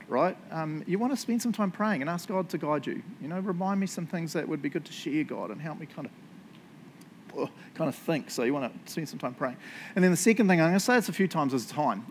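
A man's voice: a little high, a little hiss or hum. Chatty New man preaching. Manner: chatty, joking, keeps asking "right?". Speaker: pastor. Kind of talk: casual sermon. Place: church service.

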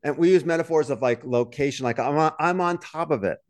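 A man co-hosting a casual podcast chat, telling stories and acting out quotes in an animated way. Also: a little high, a little fast. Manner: animated storyteller, acts out quotes. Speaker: podcast co-host.

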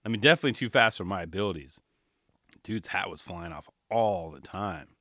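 A man's voice: deep voice, a little fast, pushed and bright, no room sound, clean studio sound. A man in his thirties hosting a casual solo podcast, talking with enthusiasm and rambling asides, often slipping into quoted voices. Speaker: podcast host.

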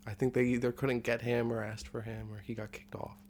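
A man's voice: medium pitch, little pitch movement, brisk, a little hiss or hum. A man in casual podcast chat, playful and joking, spinning tall tales with a straight face. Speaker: podcast guest.

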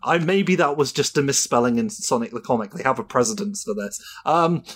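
A man's voice: mid-range voice, fairly quick, slightly rough. A man co-hosting a video game podcast, chatting enthusiastically and hedging now and then. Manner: enthusiastic, lively, some hedging. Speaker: podcast co-host. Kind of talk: casual chat.

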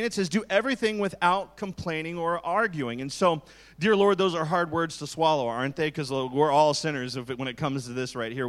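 Male pastor in his forties, fairly high voice, preaches candidly with jokes and asides. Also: fairly bright tone. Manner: candid, joking, conversational preaching. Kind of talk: sermon.

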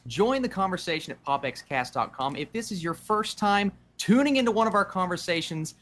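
A man's voice: high voice, lively intonation, fairly quick, fairly bright tone. Friendly man opening a podcast. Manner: friendly, welcoming show opener. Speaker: podcast co-host. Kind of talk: casual chat.

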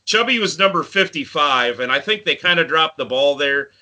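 A man's voice: a little high, expressive, moderate pace, sharp tone. A man in his forties chatting casually about a favorite movie and telling a story from his youth. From grew up in the countryside. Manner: storytelling, acts out friends' voices. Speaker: podcast co-host.

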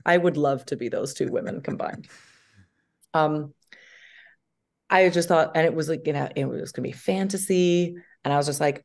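As an interview guest, a woman with a deep, low, gravelly voice chats in an unhurried, casual way. She tells lively stories and acts out quotes in sudden bursts.

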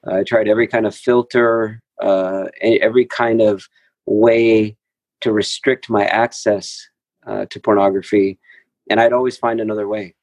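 Man, lowish voice, dry close sound, halting recovery share, lots of fillers. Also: fairly even intonation, a little mellow, no echo. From Texas. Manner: halting, many fillers and restarts. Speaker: speaker sharing at a recovery meeting. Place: meeting room.

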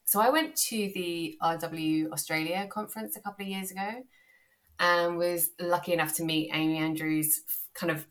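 A woman's voice: on the low side, fairly even intonation, normal speed, a bit bright. A British woman, a guest author, chatting casually and enthusiastically on a podcast, often restarting her sentences.

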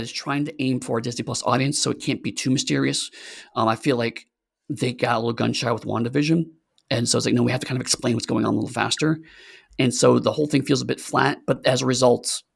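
Podcast guy with a gravelly voice, rambly and sarcastic, lots of ums. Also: medium pitch. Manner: rambling, sarcastic, many fillers and restarts. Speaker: podcast co-host. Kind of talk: casual podcast chat.

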